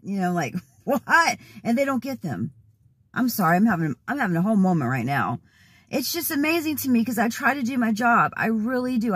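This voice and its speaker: A hoarse, worked-up woman venting casually to her vlog audience with exasperated, laughing asides. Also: on the high side, no room sound. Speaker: vlogger. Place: in a car, then at home.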